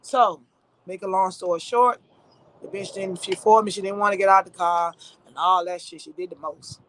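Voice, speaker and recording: A woman telling a personal story in casual, animated talk, heavy with profanity and frequent asides to the listener. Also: mid-range voice, normal speed, a little hiss or hum.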